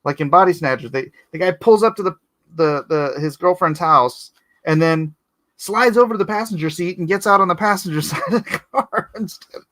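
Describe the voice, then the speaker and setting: A man, a comic artist, chatting casually on a live stream while he inks, rambling and growing animated as he laughs through a story. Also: high voice, normal speed.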